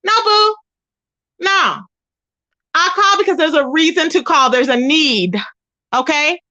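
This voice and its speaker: This YouTube commentary host has a high-pitched, sharp voice with lively intonation and a measured pace. In her gossip livestream she's sassy and emphatic, frequently imitating people in a raised voice, over dull lo-fi audio.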